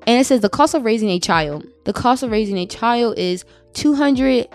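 A woman hosting a podcast and giving advice in a blunt, profane, casual way. She often jumps up into high squeaky tones. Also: expressive, normal speed, faint music behind. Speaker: podcast host.

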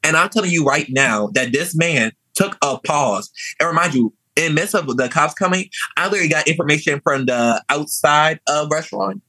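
A young man telling a story in an animated, sassy way, chatting casually. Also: a little high, normal speed, husky, no echo, low-quality recording. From New Orleans. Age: young adult.

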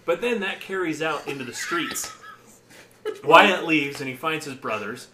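A man in casual podcast chat, an animated storyteller who laughs often and acts out movie lines. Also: on the high side, a little slow, reverberant, noisy background.

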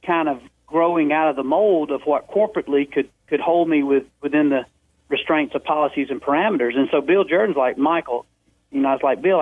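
A man, a radio guest on the phone, telling a story in a lively way with quick restarts. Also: on the high side, no room sound. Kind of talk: animated storytelling. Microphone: telephone. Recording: tinny dry phone line.

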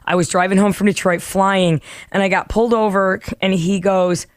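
A middle-aged woman co-hosting a casual podcast, telling stories in a lively way, acting out what others said and laughing often. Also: medium pitch, normal speed, dry recording, studio quality. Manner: animated storyteller, acts out quotes, laughs often. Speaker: podcast co-host. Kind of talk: casual chat.

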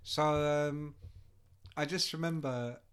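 A man's voice: fairly high pitch, takes it slowly, a bit bright, clear, resonant tone. A man telling rambling tour anecdotes in a casual chat, full of ums and swearing. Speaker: storyteller, former music industry worker.

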